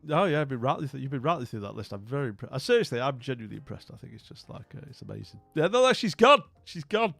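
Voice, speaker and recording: A man's voice: medium pitch, rapid-fire, gravelly, few pauses, no echo, faint music behind. A British man hosting a live stream, chatting casually with viewers in a rambling, self-mocking way. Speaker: streamer host.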